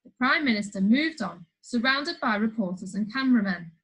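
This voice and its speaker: A woman's voice: fairly high pitch, animated, normal speed, fairly bright tone, husky, low-quality recording. A woman reading a funny children's story aloud, playful, with chatty asides to the listener. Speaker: storybook reader.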